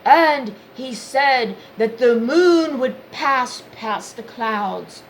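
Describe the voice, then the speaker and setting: A woman putting on the voice of a solemn mystic who speaks in slow, drawn-out riddles. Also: fairly high pitch, animated, a little hiss or hum, exaggerated voice, rough recording. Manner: slow, drawn-out, sing-song pronouncements.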